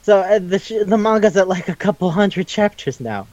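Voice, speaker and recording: A young man co-hosting a casual talk show. He retells scenes in an animated way, acts out the characters and swears freely. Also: high voice, moderate pace, dry recording. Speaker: podcast co-host. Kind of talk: casual chat. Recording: dull dry lo-fi mic.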